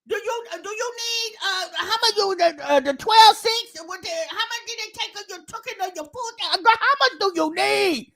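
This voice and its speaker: A woman doing loud, teasing comedic banter on a live stream and mimicking stammering. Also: very high-pitched. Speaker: livestream commentator.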